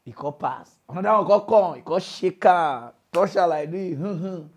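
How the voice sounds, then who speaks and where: Nigerian Pidgin man, high voice, mocking comic rant host. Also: moderate pace. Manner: animated, mocking, preachy lecturing. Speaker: comedy news host. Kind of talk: comedic rant.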